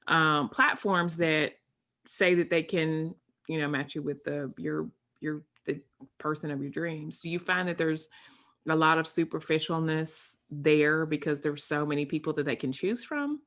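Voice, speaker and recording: A woman's voice: low-pitched, unhurried, fairly bright tone. A woman hosting a panel, asking the guests questions as an inquisitive moderator. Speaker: host. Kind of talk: hosted panel discussion.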